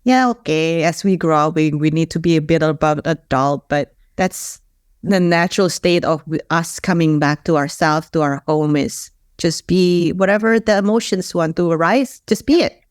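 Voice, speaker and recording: A woman co-hosting a casual podcast, speaking animatedly with sudden jumps upward in pitch. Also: normal speed, no echo, clean studio sound. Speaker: podcast co-host. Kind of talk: casual conversational podcast chat.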